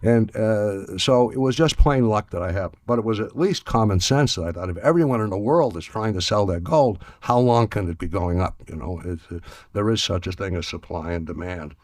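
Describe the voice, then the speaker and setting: An older man telling a story in an archive clip, halting and repeating words, with a dry sense of humor. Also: on the low side, darkish tone, no echo. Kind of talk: storytelling anecdote.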